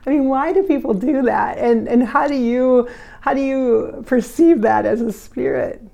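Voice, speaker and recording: A woman's voice: high-pitched, measured pace, vocal fry, dark tone, highs cut off. A woman hosting a spiritual vlog, talking in an effusive, giggly way with frequent laughs. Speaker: channeler and vlog host. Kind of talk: casual spiritual vlog talk.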